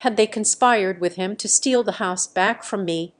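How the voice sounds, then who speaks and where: Lady narrating a family drama story, mid pitch, steady and measured. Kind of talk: first-person scripted story narration.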